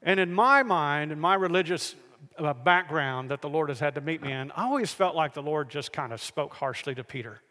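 A man preaching a sermon, telling the stories in a lively way and acting out the people in them. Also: a little high, a little fast, in a large hall. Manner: animated storytelling, acts out the figures in the stories.

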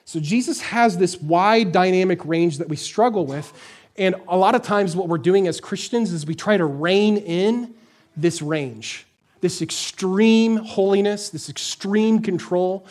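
A male pastor with a high-pitched voice preaches a sermon in a church. His style is conversational yet emphatic, and he puts questions to the congregation.

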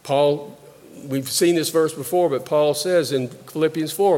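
Slow-preaching man in a reverberant hall. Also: a little high, dark tone. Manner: slow, deliberate preaching with pauses and repeated phrases. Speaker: pastor. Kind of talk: sermon.

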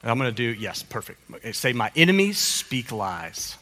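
A pastor preaches a family sermon, animated and encouraging as he coaches children through the psalm and often repeats his phrases. His voice is mid-range at a normal speed, and the sound carries like a large hall.

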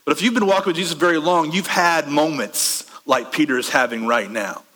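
A man preaching a sermon conversationally, asking the room questions and swinging between quick bursts and slow, soft stretches. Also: on the high side, long reverb tail. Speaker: pastor.

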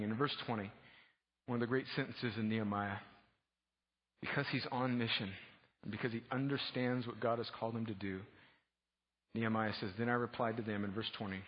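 Husky-voiced male pastor in a reverberant hall. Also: medium pitch, moderate pace. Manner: casual, humorous preaching that swells to loud fervor. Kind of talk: sermon. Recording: dull lo-fi sound with long hall reverb.

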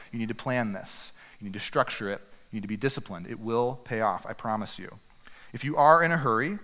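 Man, pastor delivering an earnest, exhorting sermon; average pitch, reverberant hall sound. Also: fairly bright tone. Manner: earnest, direct exhortation with slow emphatic pauses. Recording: echoey hall with long reverb.

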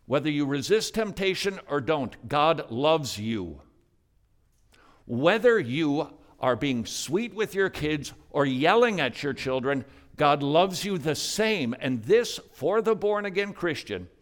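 A male pastor preaching a sermon, swinging from loud, emphatic lines to hushed, near-whispered ones. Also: on the high side, big pitch swings, takes it slowly.

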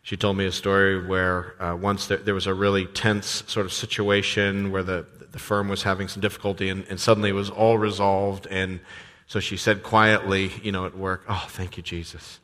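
Male pastor, conversational sermon delivery with fillers, lowish voice, long hall reverb. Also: level tone, moderate pace, a bit bright. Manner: conversational, with frequent fillers and restarts. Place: church sanctuary.

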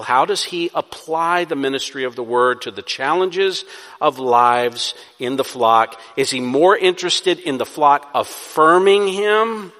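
A man's voice: mid-range voice, sharp tone. A man preaching a sermon, building to emphatic peaks and then easing back into a conversational tone. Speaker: pastor. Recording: long reverb of a hall.

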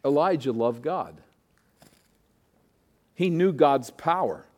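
A pastor preaching a sermon, moving from emphatic peaks down to quieter, hushed asides. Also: male voice, on the high side, animated, slow.

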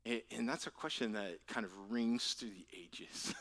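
A pastor preaches a sermon in an earnest, conversational way, speaking at normal speed with few pauses in a mid-range, slightly bright voice. He often repeats words and restarts phrases, dropping to a near whisper for emphasis.

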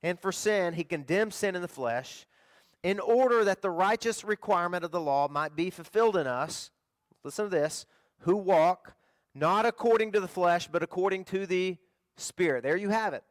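A middle-aged pastor preaching in a folksy, animated style, climbing to loud emphasis and then dropping low. His voice sits a little higher than most men's, and the sound is close and dry. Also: normal speed, dry recording. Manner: animated, swings between loud emphasis and quiet storytelling. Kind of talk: sermon.

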